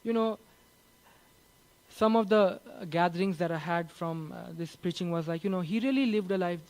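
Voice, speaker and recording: A man giving a conversational sermon, often saying "you know" between thoughts and slowing down to read a letter with earnest weight. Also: high-pitched, darkish tone, rough recording. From Nepal. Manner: slow, earnest reading of a quoted letter. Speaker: preacher. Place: church.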